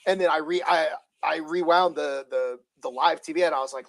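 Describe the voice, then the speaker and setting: This man co-hosts a relaxed podcast. His voice sits a bit high, and he tells stories with lively re-enactments of what he said at the time. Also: fairly quick. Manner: animated storyteller who acts out his own reactions. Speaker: podcast co-host. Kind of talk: casual podcast chat.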